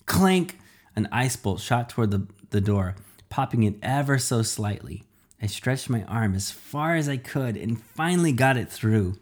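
Homem narrando uma história infantil com vivacidade. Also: male voice, mid-range voice, moderate pace. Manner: animated, dramatic. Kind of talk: expressive storybook narration.

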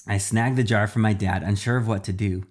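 A man narrating a playful, animated first-person adventure story. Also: on the low side, fairly quick.

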